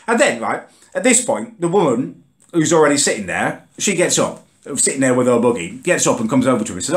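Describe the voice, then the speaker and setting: A young man with an exasperated, sweary ranting delivery. His voice swings widely, leaping up and dropping low as he vents to the camera. He has a middle-pitched voice. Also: quick pace. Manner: exasperated, sweary, rants with lively rises and sudden drops. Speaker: ranting vlog host. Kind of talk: comic character rant to camera.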